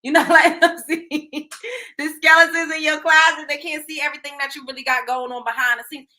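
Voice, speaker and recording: Woman gossip host, bright and high-voiced, talking casual and slangy with an animated delivery. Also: fairly quick. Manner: slangy, animated, laughing asides. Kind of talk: casual celebrity gossip commentary.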